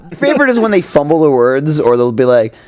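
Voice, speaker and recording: A man's voice: a little high, fast talker. A man co-hosting a podcast, telling stories in a casual chat, swearing often and acting out other people's lines. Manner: animated storyteller, swears often, acts out others. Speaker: podcast co-host. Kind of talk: casual chat with put-on voices in quotes.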